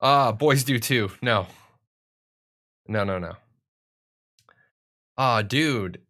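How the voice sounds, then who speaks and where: A man's voice: mid-range voice, drawn-out words, pushed and bright. A young adult man chatting casually and rambling on a live stream, joking about himself as he goes. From United States.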